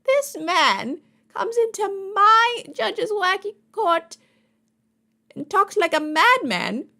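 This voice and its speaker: A woman's voice: extremely high pitch, big pitch swings, a little fast, vocal fry, mellow, pitched above the performer's own voice, heavily acted. Woman doing an outraged old judge. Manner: exasperated, scolding. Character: fussy indignant older male judge.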